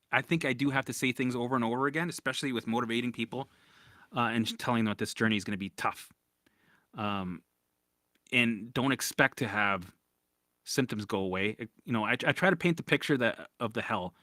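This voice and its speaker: A man with a mid-range voice, speaking a little fast, hosts a casual live-stream Q&A as a recovery coach. The studio-quality audio has no room sound, and he talks bluntly and animatedly, swearing and restarting often.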